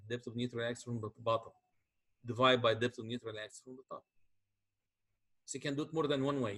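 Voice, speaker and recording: Man, husky, middle-aged, lecturing step by step, mid pitch. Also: a bit bright. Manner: explains step by step, asks checking questions. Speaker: engineering lecturer. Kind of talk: classroom lecture.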